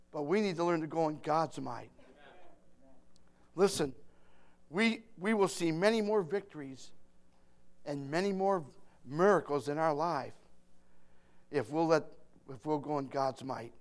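Guy preaching, pretty high voice, gets loud and shouty then drops low, jokes around with the folks. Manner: emphatic, swinging from quiet to shouting, joking with the congregation. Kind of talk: sermon.

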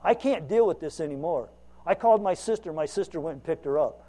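A man preaching a folksy, self-mocking sermon, swinging between loud emphasis and quiet asides. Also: on the high side, animated, brisk. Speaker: lay preacher.

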